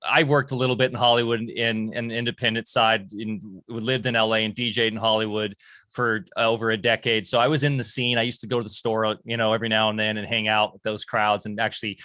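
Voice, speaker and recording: A man's voice: mid-range voice, pushed and bright, dry recording, clean studio sound. A man hosting a podcast, chatting casually and easygoing with his guest. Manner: easygoing, chatty, laughs along. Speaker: podcast host.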